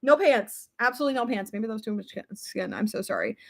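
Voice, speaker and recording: Stuffy-nosed female streamer in her thirties, bright high voice, chatty and prone to laughter. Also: very animated, fast talker, gravelly. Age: 30s. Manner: giggly, breaks into high shrieking laughter. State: stuffy, congested head. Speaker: livestream host reading viewer comments. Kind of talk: casual live chat.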